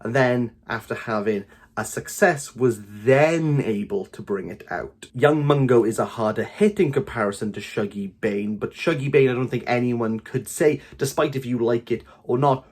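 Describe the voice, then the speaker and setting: A man with a Welsh accent giving an opinionated book review in a vlog, talking in animated, exasperated bursts. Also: medium pitch, husky. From Wales.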